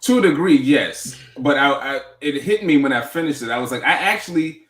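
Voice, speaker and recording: A man hosting a casual movie review chat, speaking in a relaxed, hedging way and often repeating his words. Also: medium pitch, a little fast, roomy sound. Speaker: show host.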